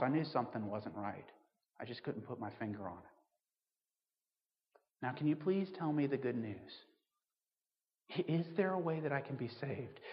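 A vicar voicing a humble male patient who speaks hesitantly and pleads softly. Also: medium pitch, big-room sound, muffled recording, natural voice.

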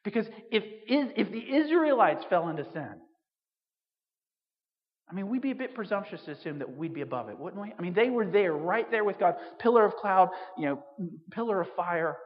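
A man's voice: sits high, expressive, moderate pace. A man preaching a sermon in a conversational way, full of asides and restarts. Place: church on Jersey. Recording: dull reverberant hall recording.

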